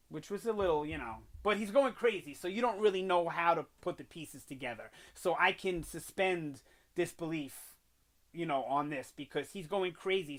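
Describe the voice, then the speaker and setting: A man's voice: on the high side, fairly bright tone. A man casually reviewing a TV episode, rambling with many fillers and restarts as he retells scenes, recorded on a home microphone. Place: home room with an echo he notices.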